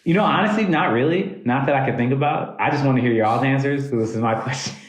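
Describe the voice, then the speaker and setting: A man's voice: mid-range voice, fast talker. A young man co-hosting a casual podcast, talking in a laid-back way with lots of fillers. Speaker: podcast co-host. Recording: roomy echo.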